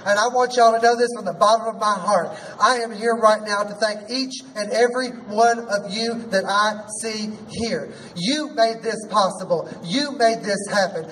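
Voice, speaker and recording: A man's voice: very high-pitched, a bit bright. A man, a drag queen hosting an outdoor rally, rousing and sassy and leading the crowd in chants. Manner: sassy, rousing, leads call-and-response. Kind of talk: rally speech. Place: outdoor rally in front of a courthouse. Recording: distant mic, faint background noise.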